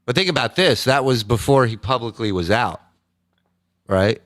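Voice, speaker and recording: A man hosting a casual livestream, reading out viewer messages in a loose, profane way and breaking into loud, high impressions. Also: expressive, normal speed, no room sound, studio quality. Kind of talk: casual chat.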